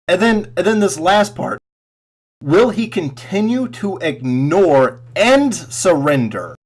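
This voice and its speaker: A man giving an angry, profane political rant straight to camera, sarcastic and mocking, swinging between loud outbursts and muttered asides. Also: on the high side, breathy edge. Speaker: political commentary vlogger.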